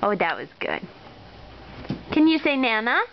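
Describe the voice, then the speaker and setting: Mother, sing-song baby talk, unhurried and coaxing, dull lo-fi home video with faint hiss. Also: on the high side, huge pitch swings. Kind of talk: home video talking to a toddler.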